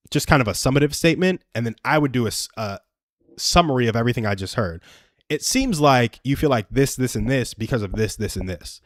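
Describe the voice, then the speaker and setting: A man's voice: medium pitch, no echo, studio quality. Earnest young man giving advice. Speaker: livestream host. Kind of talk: casual advice chat.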